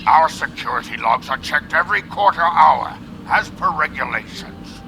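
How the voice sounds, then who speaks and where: A man's voice: fairly high pitch, expressive, moderate pace, background noise. An actor playing a stern, formal male Klingon prison warden in a video game. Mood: defensive. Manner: formal, rigid, defensive. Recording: game audio under music.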